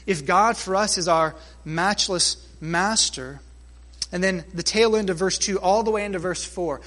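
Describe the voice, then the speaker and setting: Unhurried and high-voiced, this male pastor delivers a forceful sermon, drawing out and building up important phrases, then falling to hushed asides.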